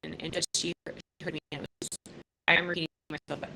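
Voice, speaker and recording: A woman in her fifties talks on a live podcast, her voice bright and edged with tension. She is blunt and profane, circling back and restarting as emotion pushes close to tears. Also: sits low, little pitch movement, fast talker, vocal fry, slight background noise, rough recording. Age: 50s. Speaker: podcast host. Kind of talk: casual live podcast talk.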